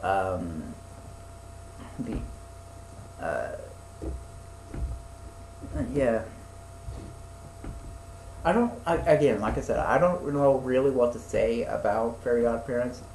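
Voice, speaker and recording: A man's voice: medium pitch, expressive, slow pace, long pauses, a little mellow, a little hiss or hum. Rambling young man in an echoey room. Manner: rambling, swears, many fillers and restarts. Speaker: podcast co-host. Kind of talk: casual chat.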